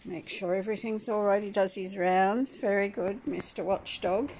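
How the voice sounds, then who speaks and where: A woman talking casually at home in a vlog, chatting to her dog and rambling with frequent soft laughs. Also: medium pitch, fairly even intonation, normal speed, slight background noise. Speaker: vlogger. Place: at home indoors.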